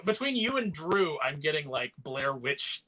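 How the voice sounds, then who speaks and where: A man's voice: on the high side, sing-song, measured pace, a crowd in the background. A man joking as a guest in a casual panel chat, teasing the others and acting out quotes.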